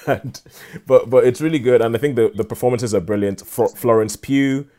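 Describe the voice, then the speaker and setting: A man's voice: medium pitch, mellow. An enthusiastic man reviewing a film in casual chat, often restarting his sentences. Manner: enthusiastic, halting with many restarts.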